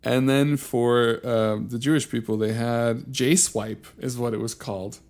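A man co-hosting a podcast in casual chat, loose and profane, laughing often between quick stories. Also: mid-range voice, steady tone, darkish tone. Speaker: podcast co-host.

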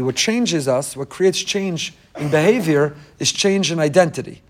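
A man teaching a lively Torah lecture, emphatic and repeating key phrases, with joking asides to his listeners. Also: on the high side, moderate pace, hardly any pauses. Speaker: rabbi teaching a class.

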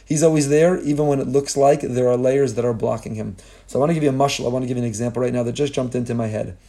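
A man delivering a heartfelt sermon-style Torah lesson. His voice is mellow and warm, and it sits at an everyday middle pitch. He stacks phrase after phrase in rhetorical lists and slips in Hebrew phrases. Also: fairly even intonation, racing. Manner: impassioned, repetitive rhetorical lists. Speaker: Torah teacher.

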